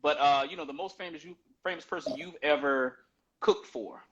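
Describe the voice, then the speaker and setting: A man's voice: fairly high pitch, normal speed, a bit bright, husky. A man hosting a podcast, eagerly asking his guest questions in casual chat. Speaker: podcast host. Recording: muffled lo-fi audio.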